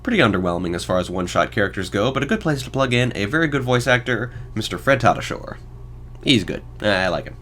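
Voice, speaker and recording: Wry, low-voiced young man reviewing films. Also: expressive, fast, a bit bright, a little hiss or hum. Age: 20s. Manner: sarcastic, wry asides. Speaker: podcast host. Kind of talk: casual solo commentary reviewing films and books.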